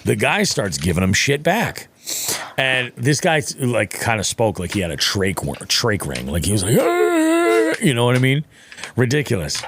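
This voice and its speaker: A young man with a lowish voice tells a fishing story on a podcast at normal speed, with slight background noise. He's casual, profane, and animated, acting out what other people said.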